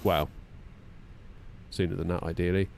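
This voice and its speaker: Low-voiced, jokey man in his thirties. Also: little pitch movement, a little slow, creaky, a little mellow, a little hiss or hum. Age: 30s. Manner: chatty, jokey banter with viewers, self-mocking. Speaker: flight sim streamer. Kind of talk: live-stream chat while flying a simulator. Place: home simulator room.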